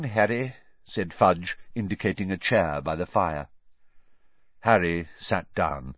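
Lively-voiced male audiobook narrator. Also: sits low, dry recording. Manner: expressive storytelling with lively rises and falls. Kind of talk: scripted narration. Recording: dull, dry studio recording.

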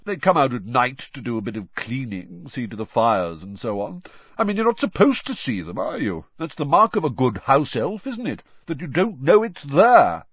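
A man's voice: medium pitch, sing-song, moderate pace, breathy edge, no room sound, lo-fi sound, voice pushed up. A man voicing a fussy, gossipy old male ghost in a storybook reading, in a genteel manner. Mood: matter-of-fact.

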